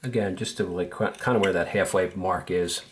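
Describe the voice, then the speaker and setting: Low-voiced man teaching a relaxed tutorial. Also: normal speed, slight background noise. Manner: relaxed, easygoing, thinks aloud while working. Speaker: woodcarving instructor. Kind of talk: casual step-by-step tutorial.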